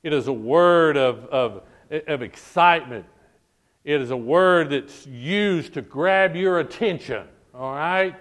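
A man's voice: on the high side, lively intonation, slow, fairly bright tone. A man preaching a sermon to a congregation, emphatic and repetitive, stretching out key words for stress. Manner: addresses congregation as "folk". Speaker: pastor. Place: church service.

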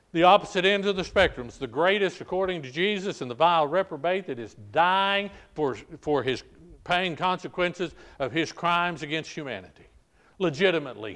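Emphatic older pastor preaching a sermon. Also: male voice, fairly high pitch, a bit bright. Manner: emphatic preaching, repeated "folk, listen", frequent restarts.

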